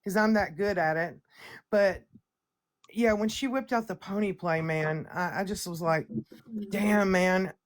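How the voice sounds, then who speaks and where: A woman's voice: mid-range voice, a little slow. A woman hosting a livestream chat, brash and profane, boasting and ranting in a casual way. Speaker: livestream host.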